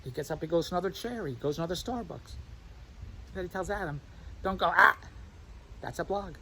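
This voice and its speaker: A man in a rambling, animated vlog monologue who keeps imitating other people's voices as he tells his stories. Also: fairly high pitch, fast, a little hiss or hum, rough recording. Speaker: vlogger. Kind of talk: rambling self-recorded monologue.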